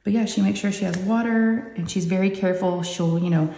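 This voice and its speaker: A woman's voice: mid-range voice, fairly quick, dark tone. A woman, hosting a craft vlog and telling a family story in a rambling, chatty way with lots of asides. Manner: rambling and chatty, full of "you know" asides. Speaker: craft channel host. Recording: roomy echoey room.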